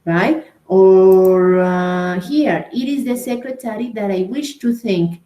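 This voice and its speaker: Slow, patient woman teaching grammar. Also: medium pitch, mellow. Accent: Colombian Spanish. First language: Spanish. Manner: explains patiently, checks in with "right?" and "okay?". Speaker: English teacher. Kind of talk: online grammar class. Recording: echoey room.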